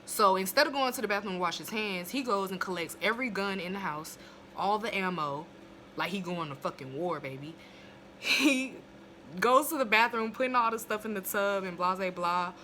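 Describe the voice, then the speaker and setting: A woman's voice: medium pitch, moderate pace, pushed and bright, a little hiss or hum. A young woman recapping a TV episode in a casual, profane, blunt way, laughing as she goes, recorded on a phone at home. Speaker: TV episode reviewer.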